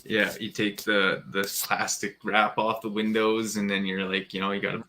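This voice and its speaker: A male guest talks haltingly, often stopping for fillers and starting over. His voice sits fairly low but has a bright edge. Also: little pitch movement. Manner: halting, full of fillers and restarts. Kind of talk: casual conversation.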